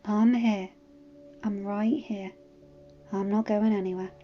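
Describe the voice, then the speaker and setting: A woman voicing a caring young man who soothes an injured dragon softly in a storybook reading. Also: fairly high pitch, steady tone, unhurried, dull audio, soft background music, lightly acted. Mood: soothing. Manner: soft, soothing.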